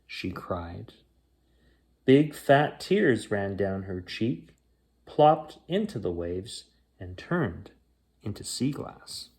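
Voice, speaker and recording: A man reading a children's picture book aloud at bedtime. He reads slowly, and his voice rises and falls a lot to bring the story alive. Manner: slow, expressive reading with lively pitch.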